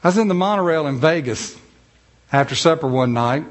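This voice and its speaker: A middle-aged man with a drawling North Carolina accent tells stories to a group. His voice sits a bit high for a man, and his delivery is folksy and self-deprecating, stretching his syllables out. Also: expressive, a little fast. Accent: North Carolina Southern. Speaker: speaker giving a talk. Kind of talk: humorous storytelling talk.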